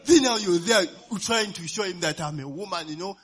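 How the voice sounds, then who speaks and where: A man's voice: high voice, fairly quick, fairly bright tone, breathy edge. A man preaching a sermon, forever asking "you understand?" and "eh?" and laughing between points. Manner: call-and-response asides, often asks "you understand?" and "eh?", laughs while preaching.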